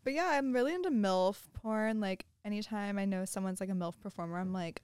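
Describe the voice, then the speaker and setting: A woman's voice: mid-range voice, fairly quick, a little mellow, clean tone, no room sound, studio quality. A young woman chatting as a podcast guest, blunt and laughing easily. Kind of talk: casual podcast chat.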